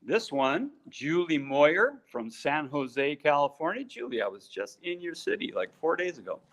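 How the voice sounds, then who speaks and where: A middle-aged man co-hosting a live stream reads out the names of purse makers, joking around casually with lots of fillers. His fairly high voice has a sing-song quality, a bit of brightness, and a moderate pace.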